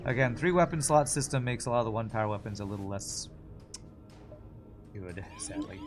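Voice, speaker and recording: A man's voice: medium pitch, expressive, fairly quick, over music. A man streaming a video game, chatting casually while he plays, swearing and laughing as he goes. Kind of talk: live gameplay commentary.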